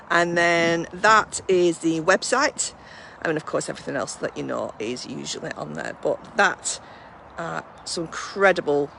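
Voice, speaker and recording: A woman's voice: fairly low pitch, creaky, a bit bright, slight background noise. A woman, a mindfulness class instructor, chatting casually on a live stream from home on a handheld phone and cooing in baby talk at her dogs.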